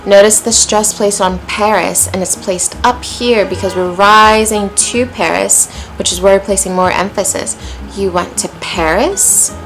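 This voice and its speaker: A woman with an American accent teaching an English pronunciation lesson, modeling phrases clearly and encouragingly. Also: mid-range voice, steady tone, normal speed, few pauses, a bit bright, faint music behind, low-quality recording. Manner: clear, encouraging, demonstrative delivery.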